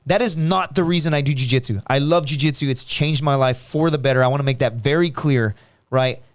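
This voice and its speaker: A man guest on a podcast, telling stories in a casual, animated and profane way, acting out other people's lines. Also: medium pitch, fairly quick. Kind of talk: casual storytelling chat.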